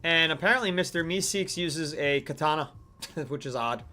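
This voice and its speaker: A man's voice: on the high side, normal speed, pushed and bright, slight background noise. A man hosting a live gaming stream, ranting animatedly and with mock outrage, chatting to viewers. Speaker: streamer host.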